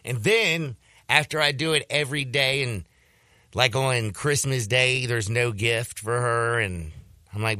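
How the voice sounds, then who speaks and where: A man hosting a sports radio show, telling a story in a casual, animated way and slipping into voices when he quotes people. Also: lowish voice, normal speed, no echo, clean studio sound.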